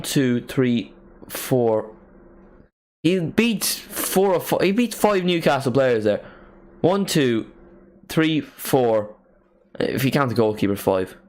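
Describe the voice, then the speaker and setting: A man hosting a live match watchalong, giving casual play-by-play commentary with jokey asides and excited calls. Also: mid-range voice, slow pace.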